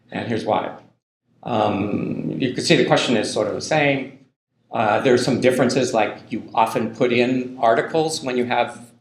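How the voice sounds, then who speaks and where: A man giving a university linguistics lecture in a loose, conversational way, full of ums and tag questions. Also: medium pitch. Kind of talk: classroom lecture. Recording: echoey lecture hall.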